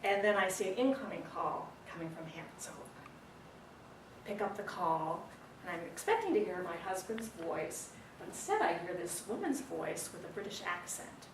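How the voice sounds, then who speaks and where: A woman telling a dramatic personal story at a speaking club, animated and pausing for effect. She is picked up from a distance in a roomy meeting room, with faint ambience underneath. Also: on the low side, a little hiss or hum.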